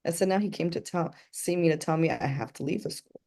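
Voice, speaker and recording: A woman's voice: deep voice, fast, mellow. A middle-aged woman as an interview guest, telling her story earnestly and acting out the voices of people in it. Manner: earnest, quotes voices as she tells. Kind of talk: casual storytelling.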